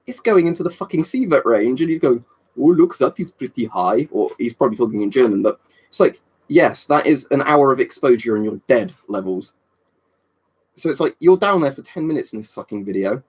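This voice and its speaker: Sweary, husky streamer. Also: male voice, mid-range voice, animated, fairly quick. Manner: rambling, swears a lot, reads and answers chat. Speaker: live streamer. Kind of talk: casual live-stream chat.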